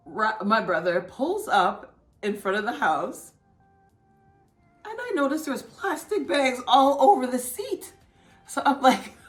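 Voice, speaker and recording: Woman vlogger, casual animated storyteller, slightly low voice, faint music under. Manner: chatty, animated, acts out others' lines in a high excited voice. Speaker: vlogger telling her birth story. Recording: echoey room with faint music.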